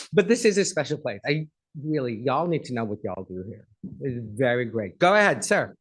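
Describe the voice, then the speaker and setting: A man's voice: mid-range voice, very animated, moderate pace, a bit bright, rough recording. A middle-aged man giving a chatty, effusive guest speech at an agency event, then taking audience questions.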